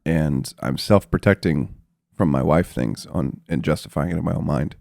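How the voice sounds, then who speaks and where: A man's voice: very deep voice, normal speed, creaky, darkish tone, no echo, clean studio sound. A man in his twenties talking casually on a podcast, earnest and asking questions to check he understands. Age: 20s.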